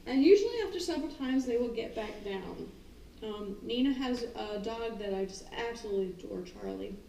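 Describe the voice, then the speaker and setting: A woman who trains dogs, talking casually and animatedly, often acting out the dogs' thoughts and her own excited calls. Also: a little high, fairly quick, gravelly, a little hiss or hum. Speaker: dog trainer. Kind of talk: casual talk on dog training. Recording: roomy, distant mic, faint ambience.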